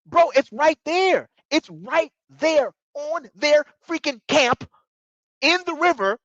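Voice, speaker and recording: A man recapping a reality show in casual commentary, talking excitably in slang and tripping over his words. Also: extremely high pitch, slow pace, no room sound, dull audio. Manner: excitable, slangy, repeats bro, stumbles.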